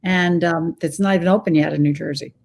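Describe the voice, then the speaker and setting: A woman's voice: deep voice, fairly even intonation, fairly quick, creaky, darkish tone. A woman hosting a casual interview, chatty and enthusiastic, telling stories from her own life. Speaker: host.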